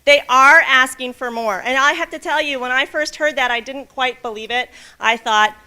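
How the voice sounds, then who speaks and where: A woman with a bright, fairly high voice leads a teacher workshop. She talks in an animated, storytelling way and keeps checking in with the room by asking "okay?" She sounds like a presenter speaking into a microphone at a training day. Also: moderate pace, few pauses, clean tone. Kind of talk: reading a picture book aloud, then leading a workshop.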